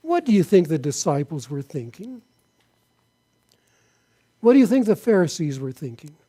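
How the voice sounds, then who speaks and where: A pastor delivering a sermon, his voice pitched high for a man yet mellow and soft in tone. He reads Bible passages aloud and then turns to his listeners with questions. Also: big pitch swings, moderate pace, slightly rough. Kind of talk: sermon reading scripture.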